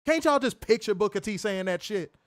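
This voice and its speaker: A male co-host on a wrestling review podcast rants in a brisk, high-pitched voice. He's lively and foul-mouthed, laughing loudly and putting on other people's voices during his casual commentary.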